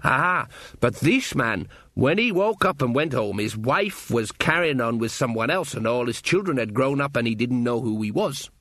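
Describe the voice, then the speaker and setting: A man's voice: medium pitch, lively intonation, moderate pace, a bit bright, dry recording, clean studio sound. A man voicing a boozy, gossipy country villager who drawls his words. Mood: musing.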